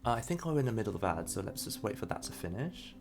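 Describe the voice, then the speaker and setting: A man's voice: on the low side, big pitch swings, fast, gravelly, music in the background. A man streaming live as he opens trading card packs, reading chat aloud and fumbling over names. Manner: chatty, reacts to pulls and reads chat; unsure of pronunciations, laughs often. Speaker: streamer opening trading cards.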